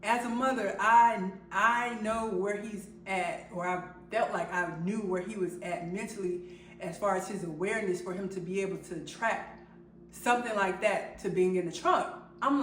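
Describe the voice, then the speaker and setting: A young adult woman telling a personal story to her viewers in an animated way, laughing at herself and getting louder as she relives moments of panic. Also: medium pitch, a little slow, a little hiss or hum. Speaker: vlogger. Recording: echoey room, a bit far from the mic.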